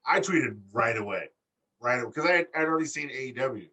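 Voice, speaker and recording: A man's voice: mid-range voice, lively intonation, brisk, pushed and bright, husky, recorded from a distance. A man co-hosting a wrestling podcast, talking crudely and jokingly, often repeating himself. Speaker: podcast co-host. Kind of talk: casual chat.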